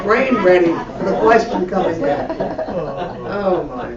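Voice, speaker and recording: A man's voice: high-pitched, lively intonation, normal speed, over a noisy crowd. A man leading a synagogue prayer service, reciting prayers and making chatty, joking asides to the congregation. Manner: chatty and jokey between prayers. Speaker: service leader. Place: synagogue sanctuary. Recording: echoey, dull room sound from far off. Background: congregation noise.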